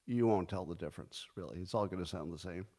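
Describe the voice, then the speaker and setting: A man's voice: low-pitched, fast talker. A man in his sixties hosting a solo commentary show, talking casually with dry sarcasm and mock outbursts. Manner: sarcastic, deadpan joking with sudden mock outbursts. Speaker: podcast host.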